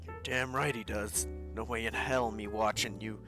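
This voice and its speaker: A man's voice: on the low side, steady tone, moderate pace, over music. A man playing a character in a livestreamed tabletop role-play, with a dry, wisecracking way of talking. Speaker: tabletop game player.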